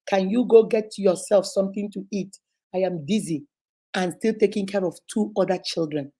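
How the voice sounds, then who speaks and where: A woman's voice: mid-range voice, normal speed, mellow, breathy edge. A woman reading a listener's letter aloud on her relationship advice show, telling it dramatically and acting out the voices in it.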